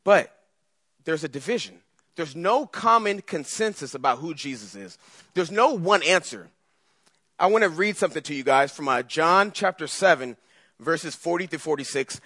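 Animated, bright-voiced male preacher. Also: fairly high pitch, moderate pace, no room sound. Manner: animated, conversational, acts out scripture voices. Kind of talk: sermon.

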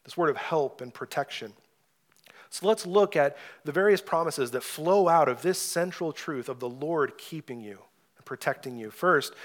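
Earnest preaching man, higher voice. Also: normal speed. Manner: earnest preaching, swells loud when reading scripture. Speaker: pastor. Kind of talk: sermon.

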